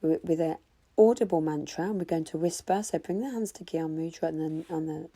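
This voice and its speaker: A woman guiding a yoga class with calm, slow cues. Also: deep voice. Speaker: yoga instructor. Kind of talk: guided yoga instruction.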